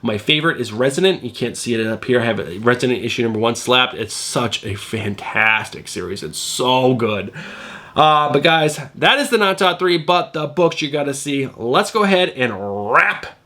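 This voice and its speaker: A man's voice: mid-range voice, animated, normal speed, pushed and bright. A middle-aged man hosting a comic book channel, sounding nasal from a cold, chatting in a rambling way with lots of fillers. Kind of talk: casual video review.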